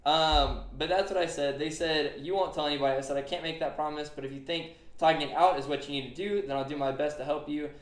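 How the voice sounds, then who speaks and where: A man's voice: a little high, steady tone, fast talker, few pauses. A young man hosting a casual podcast, earnestly retelling a conversation with lots of fillers. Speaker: streamer and podcast host. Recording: echoey room.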